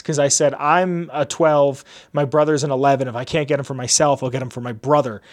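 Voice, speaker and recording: With a brisk pace, few pauses, and a voice on the high side, a young podcast host rambles through a long casual anecdote. His telling is animated, loaded with "like," and full of dialogue he performs himself.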